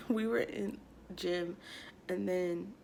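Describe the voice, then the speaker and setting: A young woman vlogger casually telling a personal story, slangy and animated, acting out what people said with lots of "like.". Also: on the low side, extremely slow, creaky, slight background noise. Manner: slangy, animated quoting, many "like"s.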